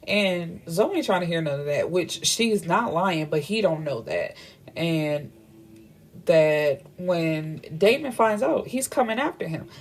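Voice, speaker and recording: A young woman book reviewer recaps a novel's plot in a relaxed, chatty manner at a measured pace, her voice slightly low. She acts out lines from scenes with quoted dialogue and cuts in with blunt remarks of her own.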